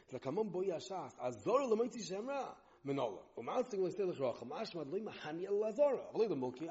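Fast-talking man teaching Talmud. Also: on the high side, warm tone. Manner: rapid, mixing Hebrew-Aramaic terms into English, restarts often. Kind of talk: in-depth yeshiva-style lecture. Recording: dull lo-fi recording.

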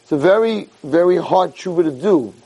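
A man giving a Torah class as an animated storyteller, peppering his talk with Hebrew terms and rising high for emphasis. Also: normal speed, husky, low-quality recording.

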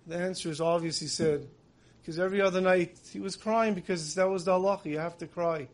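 A man's voice: sits high, steady tone, a little fast. A man giving a sermon, telling stories in an earnest way that builds emotion. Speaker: religious teacher.

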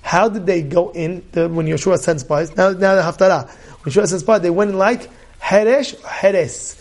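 A rabbi gives a Torah class in a fairly high voice. He teaches emphatically, asking rhetorical questions and breaking into loud outbursts. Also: moderate pace.

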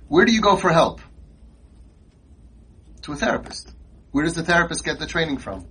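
A man's voice: a little high, fairly bright tone, husky, poor audio. A man giving an impassioned, rhetorical speech at a conference, repeating his lines for emphasis. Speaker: conference speaker. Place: conference hall.

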